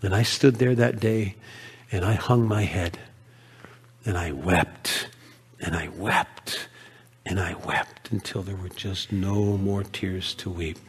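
A man performing a dramatic first-person monologue as an earnest merchant, an emotional storyteller who swings from loud to hushed. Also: sits low, slow, slightly rough, full character voice. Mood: grieving. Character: earnest male merchant telling his story.

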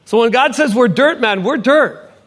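A middle-aged man who is a potter and evangelist, giving an emphatic sermon testimony that repeats key phrases and swings between soft and loud. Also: very high voice, lively intonation, moderate pace.

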